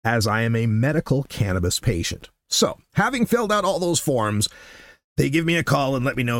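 Lively, animated male podcast host. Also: medium pitch, brisk, no room sound, studio quality. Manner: animated storyteller who acts out quotes. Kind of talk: casual solo podcast monologue.

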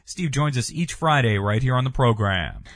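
A man hosting a show, delivering a scripted sign-off in a smooth announcer manner. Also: mid-range voice, big pitch swings, normal speed, dry recording, clean studio sound. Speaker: host. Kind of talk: radio-style show sign-off.

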